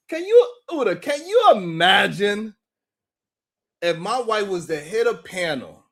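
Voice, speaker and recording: A man's voice: high-pitched, sing-song, takes it slowly, creaky, long pauses. A man hosting a live stream, chatting casually, laughing often and greeting viewers by name as he talks.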